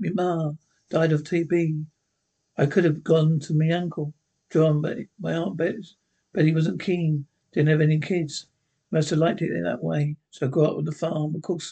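A quiet old Scottish hermit in a television sitcom. His voice is husky and sits a little higher than most men's. He tells his story plainly and wistfully. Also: poor audio. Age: older. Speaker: sitcom character. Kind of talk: sitcom acting.

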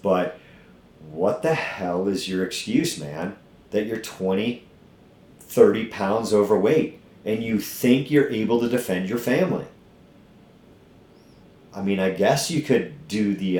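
A middle-aged gym owner hosts a casual podcast chat in an echoey room, speaking bluntly and profanely in a fired-up, motivational way. His voice is lowish and a little mellow, with a measured pace and long pauses.

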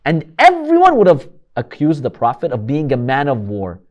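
A man's voice: fairly high pitch, wildly swooping pitch, moderate pace, a little mellow. A man giving a religious history lecture, telling the story dramatically and asking rhetorical questions.

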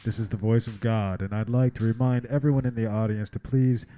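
A performer putting on a solemn, booming voice of God to make an announcement, heard muffled and from a distance. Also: fairly even intonation, brisk, warm tone, lightly acted.

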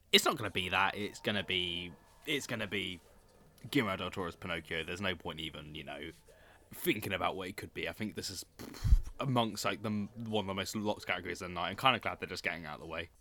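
A young man giving opinionated live reaction commentary on an awards show, excitable and prone to loud outbursts. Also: on the low side.

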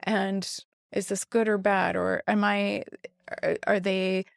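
A woman podcast host, who is a therapist, has a medium-pitched, creaky voice with a flat delivery and slow pace, recorded clean in studio quality with no echo. On her casual conversational podcast she tells stories animatedly, acting out quoted dialogue and laughing frequently.

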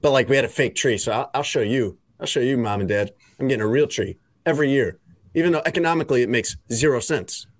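A man's voice: mid-range voice, fast talker, dry recording. A man hosts a casual podcast, chatting in a loose, rambling way full of "like" fillers and little jokes. His voice sits mid-range and is recorded close and dry, with no room sound at all. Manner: rambling, filler-heavy, joking. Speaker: podcast host.

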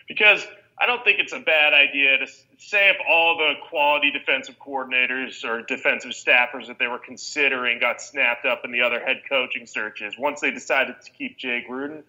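Bright-toned man analyzing in long sentences. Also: medium pitch, fairly quick, rough recording. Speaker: podcast co-host. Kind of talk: casual sports podcast chat.

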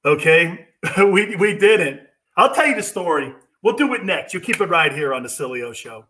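A man's voice: a little high, lively intonation, moderate pace, pushed and bright. A man hosting a sports talk show, chummy and laughing as he tells stories with his guest. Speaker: host, former player.

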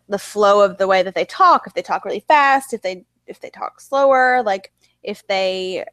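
A woman's voice: mid-range voice, a bit bright, no room sound. A woman in casual chat about writing, rambling with lots of fillers. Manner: rambling, many fillers like "like" and "you know".

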